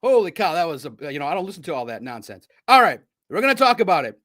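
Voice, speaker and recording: A man hosts a live sports recap stream in a rambling, excitable way, laughing often. His voice sits high and bright. He lurches between loud outbursts and muttered asides. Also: fast talker. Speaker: sports podcast host.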